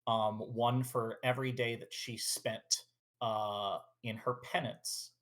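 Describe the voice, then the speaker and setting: A tabletop game player describing their character slowly and hesitantly, with many fillers. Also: mid-range voice, fairly even intonation, a bit bright.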